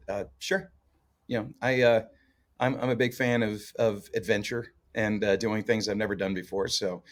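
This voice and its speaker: Canadian-born guy, fairly low voice, rambling jokey storyteller, lots of uh and you know. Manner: chatty, jokey storyteller with many fillers. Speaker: guest co-host, musician. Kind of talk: casual podcast chat.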